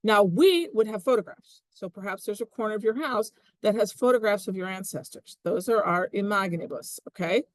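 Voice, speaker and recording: Woman, Latin teacher, casual and animated, mid pitch, dry recording. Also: a little fast, few pauses, no echo. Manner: chatty, animated, laughs often. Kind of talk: casual classroom explanation.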